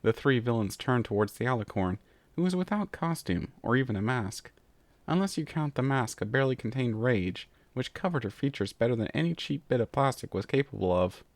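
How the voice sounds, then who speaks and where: A male reader narrates a rhyming story with a steady storytelling rhythm. His voice sits at a middle pitch. The sound is dry and close. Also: a little fast, no echo. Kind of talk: scripted narration.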